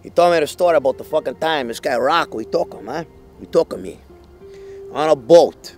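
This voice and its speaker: A man's voice: on the high side, fairly quick, a little mellow, soft background music, lightly acted. An actor playing a brash, boastful wise guy, crude and constantly swearing, in a comedy sketch. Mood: storytelling. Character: brash boastful Italian-American wise guy obsessed with mortadella. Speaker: comic actor.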